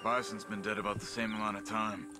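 An actor playing a steady, principled male tracker who speaks tersely in a video game. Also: on the low side, fast, music in the background, lightly acted.

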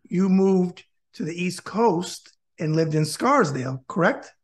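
A man's voice: high-pitched, lively intonation, measured pace. A man from Westchester County, New York hosting a web interview show with upbeat, showman-style introductions. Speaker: host.

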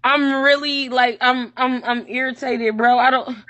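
A woman's voice: high voice, fairly even intonation, unhurried, a bit bright, lo-fi sound. A young woman live streaming, venting in a rambling, profane and emotional way. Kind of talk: casual livestream venting.

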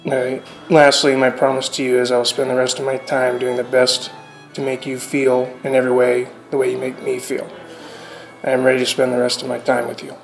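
A young man reading sincere wedding vows to his bride in a steady way. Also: mid-range voice, brisk, gravelly, rough recording. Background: soft music.

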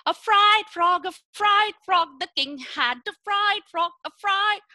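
A woman voicing a cheeky little female tailor bird who mocks the king in a loud, high sing-song chant. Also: fairly even intonation, measured pace, no room sound, studio quality, full character voice. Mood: taunting.

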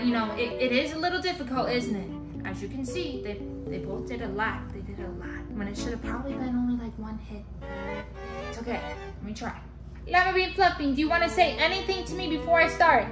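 A young woman vlogging, playfully talking to her toy llamas and cheering them on in a bubbly, animated way. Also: high-pitched, brisk. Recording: echoey room with music behind.

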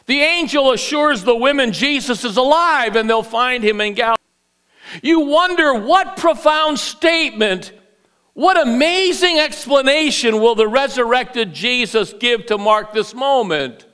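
A male pastor preaching an Easter sermon, telling a story with lively delivery and playful acted-out voices. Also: very high voice, unhurried, clear, resonant tone. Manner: animated storyteller, acts out voices. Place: church sanctuary.

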